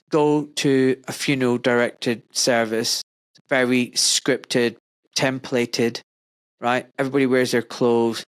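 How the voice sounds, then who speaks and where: Animated man in casual podcast talk. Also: medium pitch, no room sound. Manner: animated, rising emphatic questions. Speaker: podcast host; doctor. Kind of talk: casual conversation.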